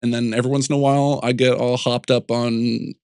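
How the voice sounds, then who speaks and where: A man who sculpts, chatting as an interview guest, telling animated stories full of restarts and little voices. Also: mid-range voice, brisk, gravelly, smooth, no echo, clean studio sound. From United States. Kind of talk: casual interview chat.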